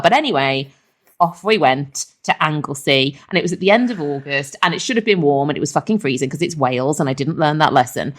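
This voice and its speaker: A woman's voice: sits low, animated, quick pace. A middle-aged woman hosting a casual comedy podcast, chatty, swearing freely and laughing often. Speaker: podcast host.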